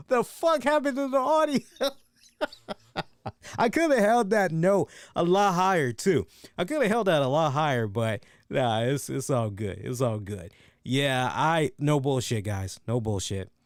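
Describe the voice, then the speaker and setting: A man hosts a wrestling review show in loose, excitable chat, swearing freely and laughing at his own jokes. His voice is smooth and sits at a middle pitch. The sound is dry and close, with no room around it. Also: dry recording. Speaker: wrestling review podcast host.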